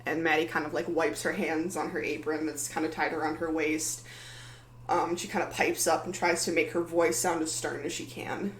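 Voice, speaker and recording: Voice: mid-range voice, flat delivery, normal speed. A game master narrates a tabletop session in a rambling, filler-laden way. The voice sits in a roomy space with a faint hum behind it.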